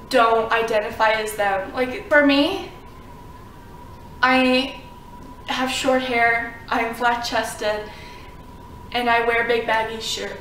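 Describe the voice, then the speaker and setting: A woman's voice: a little high, fairly bright tone, a little hiss or hum. A woman from Florida telling a personal story to camera in a casual, rambling way, full of "like" and "um". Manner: chatty, filler-heavy with frequent "like" and "um". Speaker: vlogger. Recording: roomy sound, mic at a distance.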